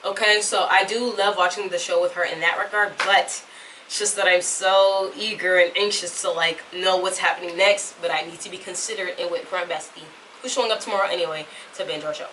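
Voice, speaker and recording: Recorded at home on a distant camera mic with faint room noise, this young woman vlogs casually to camera, rambling on in an affected Southern drawl. She has a fairly low, steady voice that is bright and forceful, and she speaks fairly quickly.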